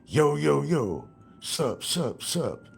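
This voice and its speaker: A man's voice: fairly high pitch, very animated, drawn-out words, gravelly, slight background noise, voice pushed up, heavily acted. A man putting on the voice of a swaggering young male street tough, mocking him with showy slang greetings.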